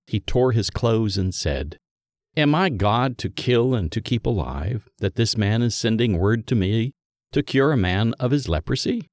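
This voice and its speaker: A man giving a scripted liturgical Bible reading in a measured, solemn manner that lifts for quoted speech. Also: fairly low pitch, darkish tone, no room sound, clean studio sound. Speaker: scripture reader.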